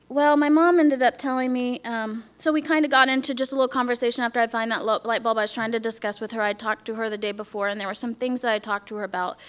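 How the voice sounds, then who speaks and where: Woman, middle-aged, slightly high voice; heartfelt church testimony, hushed at times, talks straight to the congregation. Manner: earnest, drops to a whisper, asks the audience questions. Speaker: speaker giving a church testimony.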